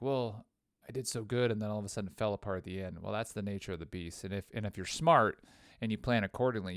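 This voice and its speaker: A man's voice: low voice, smooth, dry recording, studio quality. A man co-hosting a podcast, talking emphatically and telling stories from his own leagues. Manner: animated, anecdotal, emphatic. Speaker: podcast co-host. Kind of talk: casual podcast analysis.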